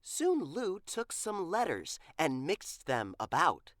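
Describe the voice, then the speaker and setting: A woman reads a children's picture book aloud, slow and deliberate. Her voice is low-set but moves through a lively range, animated and expressive. The recording is dry and close. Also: dry recording. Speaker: storyteller.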